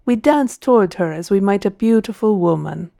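A woman voicing a theatrical male scientist-showman with an Italian accent, speaking slowly and grandly. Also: mid-range voice, expressive, gravelly, warm tone, no room sound, clean studio sound. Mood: grandiose. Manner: grandiose, slow, dramatic.

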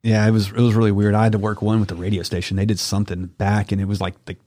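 A man's voice: lowish voice, very fast. A man in casual chat, telling stories and acting out the people in them. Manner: laid-back, acts out quotes in animated voices.

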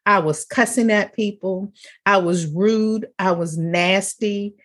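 A woman with a husky, slightly breathy voice tells personal stories in a relaxed faith-centered chat. Her pitch leaps up when she drives a point home, and she laughs easily between phrases. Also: slow. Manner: animated storyteller, laughs often, pitch jumps up for emphasis. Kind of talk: casual faith-based conversation.

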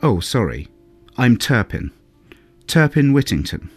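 A man's voice: medium pitch, sing-song, measured pace, husky, no room sound, soft background music, voice pushed up, heavily acted. A man voicing a polite, earnest young man lost in a forest, who stumbles over his words.

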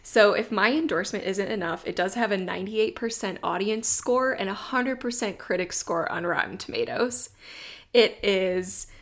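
A woman's voice: medium pitch, moderate pace. A woman co-hosting a podcast in casual, chatty talk who laughs easily. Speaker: podcast co-host. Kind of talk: casual chat.

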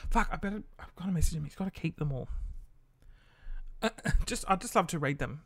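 A man's voice: sits high, expressive, fairly quick, no echo. Chatty Australian man telling stories. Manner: chatty and rambling, swears casually, many fillers. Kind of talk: casual storytelling monologue.

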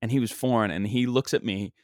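A man's voice: medium pitch, fast, no echo, clean studio sound. A young man hosting his own podcast, telling a rambling comic story full of fillers into a single microphone. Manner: rambling, many fillers and restarts. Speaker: podcast host and stand-up comic.

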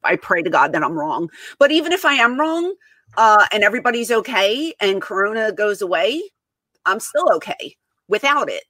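A woman's voice: medium pitch, big pitch swings, moderate pace, pushed and bright, no echo. A woman hosting a podcast in casual chat, talking emphatically with many restarts and repeated words. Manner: emphatic, repeats herself, exasperated. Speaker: podcast host.

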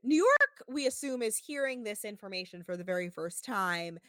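A woman co-hosting a casual recap podcast, talking in an animated way with lots of swearing and acting out what people said. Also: medium pitch, normal speed, no echo. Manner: animated, swearing, acts out quotes in exaggerated voices. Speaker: podcast co-host.

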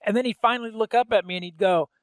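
High-voiced male interview host. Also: very fast, dry recording. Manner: engaged, frequent affirmations, storytelling. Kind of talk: conversational interview.

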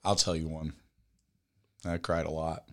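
A man's voice: a bass voice, completely flat delivery, unhurried, fairly bright tone. A man co-hosting a podcast in casual chat, easygoing and self-mocking as he tells stories. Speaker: podcast co-host.

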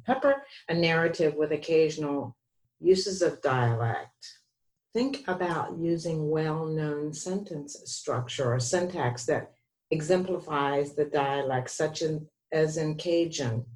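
Low-voiced woman in an echoey room. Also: expressive, slow, darkish tone. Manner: explanatory, gives rules of thumb. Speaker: podcast co-host. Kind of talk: conversational teaching about writing.

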